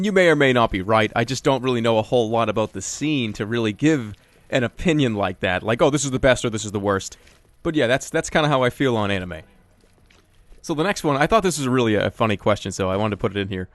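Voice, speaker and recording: Guy doing a jokey q&a voiceover, mid pitch, dead dry mic, pokes fun at himself. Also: no room sound. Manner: joking, animated, self-deprecating. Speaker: YouTuber answering viewer questions. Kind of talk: casual Q&A voice-over over gameplay.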